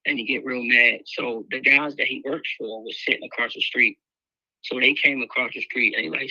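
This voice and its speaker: A man's voice: mid-range voice, fairly even intonation, moderate pace, pushed and bright, husky, dry recording, highs cut off. A man telling a raw personal story, candid and emotional, full of fillers. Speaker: guest speaker sharing his life story.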